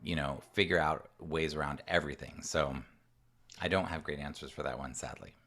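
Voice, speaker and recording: A man's voice: rumbling low, fairly even intonation, moderate pace, fairly bright tone. A man coaching parents in an online presentation, earnest and conversational, now and then acting out what a parent or child might say. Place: home room with a door.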